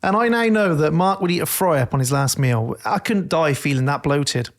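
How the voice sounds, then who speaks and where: A man hosting a casual podcast chat as a coach, playful and quick to laugh and swear. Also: on the high side, animated.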